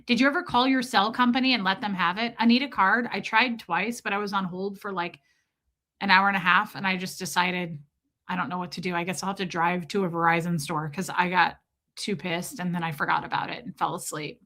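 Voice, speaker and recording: A young adult woman hosting a livestream, chatting casually with viewers in a rambling, animated way, her voice a little worn from screaming. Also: lowish voice, a little fast. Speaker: livestream host.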